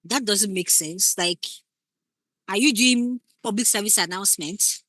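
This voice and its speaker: Bright woman teaching. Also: mid-range voice, unhurried, no echo. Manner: conversational, acts out short example lines. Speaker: scriptwriting instructor. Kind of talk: casual classroom lecture.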